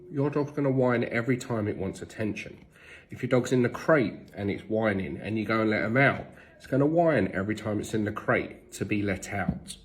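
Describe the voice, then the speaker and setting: A man with an English accent giving blunt, emphatic dog-training tips to camera, cursing now and then. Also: on the low side. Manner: blunt, emphatic, swears casually.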